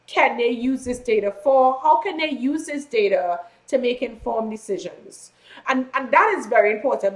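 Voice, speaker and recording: Conversational woman giving a lecture. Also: fairly high pitch. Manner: conversational, with rhetorical questions and fillers. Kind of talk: classroom lecture.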